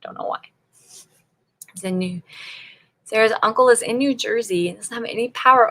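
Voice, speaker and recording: Hosting a writing-sprint livestream, a Northern Virginia woman chats casually and laughs often as she reacts to viewers. Her voice is on the high side, pushed and bright, and she talks a little fast but leaves long pauses.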